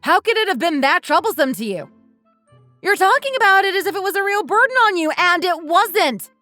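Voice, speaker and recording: A woman's voice: high-pitched, very animated, fast talker, fairly bright tone, dry recording. Brief: woman as fed-up wife, accusing tone, light music behind, dry close sound. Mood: bitter. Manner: bitter, accusing, blunt. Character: resentful wife fed up with her husband. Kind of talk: scripted dialogue drama.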